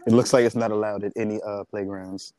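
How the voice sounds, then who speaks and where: Mellow laid-back man on a podcast. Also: on the low side, steady tone, moderate pace, dry recording. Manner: laid-back, teasing, slangy. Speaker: podcast co-host. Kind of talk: casual podcast chat.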